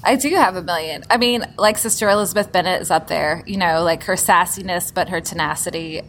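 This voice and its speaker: A woman's voice: fairly low pitch, brisk, a bit bright, a little hiss or hum. A woman chatting casually as a co-host. She talks in a gushing way, full of fillers. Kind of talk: casual chat.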